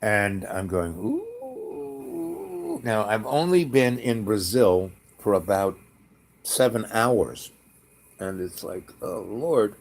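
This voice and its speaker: Male storyteller, lowish voice, casual rambling anecdote with lively acted-out quotes. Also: takes it slowly.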